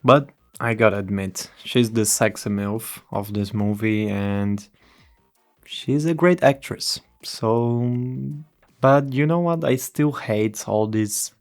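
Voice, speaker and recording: A man's voice: on the low side, takes it slowly, faint music behind. A man giving a rambling, irreverent movie review, swearing and restarting his sentences.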